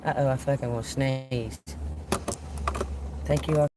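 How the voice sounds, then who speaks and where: A man's voice: mid-range voice, fairly even intonation, normal speed, background noise. A man giving a casual live-stream tarot reading outdoors, laid-back and rambling, often muttering under his breath. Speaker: tarot reader. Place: outdoors on a hot day.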